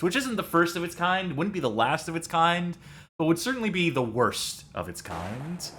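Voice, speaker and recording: A man's voice: medium pitch, very animated, a little fast, pushed and bright. A young man hosting a let's-play show, rambling enthusiastically and poking fun at himself. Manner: rambling, enthusiastic, self-deprecating. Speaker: game show co-host.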